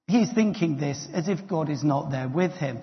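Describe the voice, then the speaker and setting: Male preacher, a bit higher-voiced, relaxed and lightly humorous sermon, dull recording with long hall reverb. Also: moderate pace.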